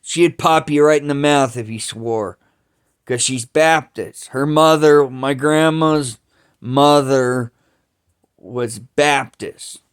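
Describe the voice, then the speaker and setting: A man telling family stories in a slow, halting way, restarting sentences often and cursing casually. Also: medium pitch, smooth. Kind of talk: rambling family storytelling.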